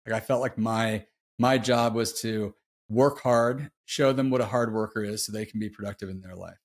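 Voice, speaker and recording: Here a middle-aged podcast guest recounts something personal, easygoing and full of slang, saying "dude" a lot while opening up sincerely. His fairly low voice stays steady at a normal speed in this casual interview.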